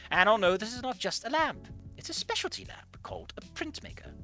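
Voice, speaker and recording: A reader putting on a male alien teacher with a patient, gently snarky manner. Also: mid-range voice, huge pitch swings, brisk, soft background music, voice pushed up. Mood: wry.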